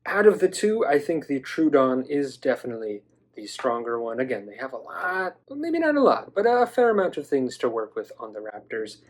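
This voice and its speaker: Animated, chatty man reviewing toys. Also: mid-range voice, fairly quick. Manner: enthusiastic, chatty, playful, with some stammering restarts. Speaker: toy collector reviewer. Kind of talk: casual toy review vlog.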